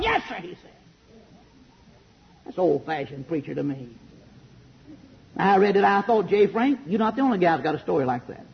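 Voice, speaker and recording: A man preaching a fiery old-fashioned sermon in a large church, shouting some lines and dropping low on others. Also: sing-song, brisk, vocal fry, long pauses, husky. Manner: shouting emphatic preaching, swinging loud and soft. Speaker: pastor. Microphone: handheld microphone. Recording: dull lo-fi sermon recording.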